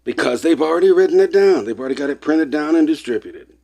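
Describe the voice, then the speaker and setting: Fast and animated, this man's fairly high voice carries vocal fry and a dark tone. As an online presenter, he lectures his listeners directly as people, growing worked up and hammering his points home through emphatic repetition.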